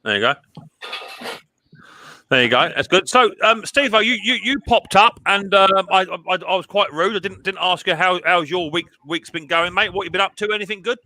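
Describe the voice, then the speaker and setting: A man's voice: high-pitched, normal speed, sharp tone, dry recording, low-quality recording. A middle-aged man hosting a casual live stream chat, chatty and often stumbling over repeated words.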